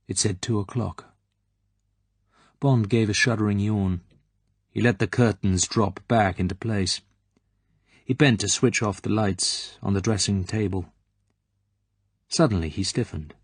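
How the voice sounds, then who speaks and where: Deep husky male audiobook narrator. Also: fairly even intonation, unhurried, pauses often, dry recording. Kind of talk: scripted narration.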